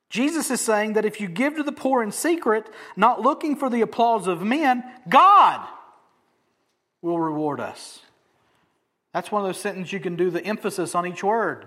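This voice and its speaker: A male pastor delivers a sermon in a high, light voice. His tone is casual and joking. He punches key words loudly, then drops to hushed, almost whispered asides. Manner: emphatic, swinging between loud stresses and soft asides; conversational, joking preaching.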